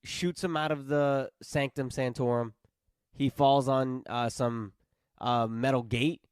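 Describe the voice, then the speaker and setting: Man, film critic guest, smooth resonant voice, dry close mic, relaxed plot recap. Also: mid-range voice, slow pace, no echo. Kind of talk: casual film review chat.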